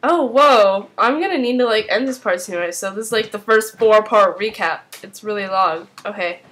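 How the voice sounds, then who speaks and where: A young woman casually recapping a TV episode, rambling excitedly with lots of fillers. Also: mid-range voice, normal speed.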